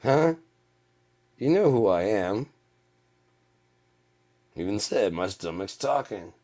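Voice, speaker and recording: A man's voice: lowish voice, sing-song, slow, mellow. A man voicing his own talking stomach as a nagging, indignant male figure.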